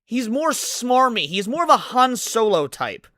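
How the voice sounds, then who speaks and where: A man's voice: very high-pitched, big pitch swings, unhurried, pushed and bright, dry recording. A man ranting with heavy swearing as a streamer reacting to a video. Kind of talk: profane reaction commentary.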